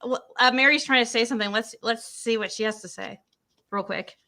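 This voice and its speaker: A woman hosting a live stream, moderating her guests in a brisk, casual way. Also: fairly high pitch, sharp tone.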